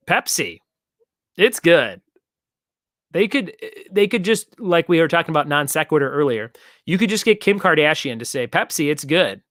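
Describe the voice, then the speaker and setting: A young man hosting a casual trivia stream, his voice sitting a little high for a man. He jokes and rambles between questions and reads viewer comments aloud. The sound is dry and close, with almost no room around it. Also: a bit bright, no echo. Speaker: trivia show host.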